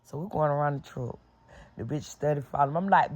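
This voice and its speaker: A woman's voice: low voice, quick pace, darkish tone. A middle-aged woman telling a casual storytime vlog story, blunt and full of profanity and sound-effect words.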